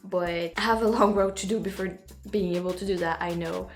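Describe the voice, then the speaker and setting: French woman chatting, halting and giggly. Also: lowish voice, steady tone, faint music behind. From France. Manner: halting, self-correcting, laughs at herself. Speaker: YouTube host. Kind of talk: casual reaction chat.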